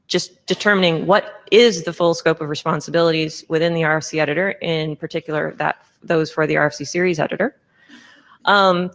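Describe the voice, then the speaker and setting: A woman's voice: sits low, gravelly. A woman chairing a conference meeting session, presenting a proposal in an informal way with many fillers and restarts. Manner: informal, filler-heavy, self-correcting.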